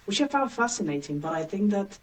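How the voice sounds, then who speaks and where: A woman in her late thirties from Bulgaria, speaking English with a Bulgarian accent as an interview guest, chatty and quick to laugh. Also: medium pitch, very animated, recorded from a distance, slight background noise, low-quality recording. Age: late 30s. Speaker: guest, agency founder. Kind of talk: casual interview chat.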